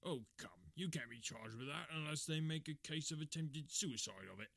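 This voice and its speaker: A man voicing a blunt, jovial police inspector with a gruff manner in a storybook reading. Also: fairly high pitch, animated, moderate pace, a bit bright, no room sound, voice pushed up. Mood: hearty.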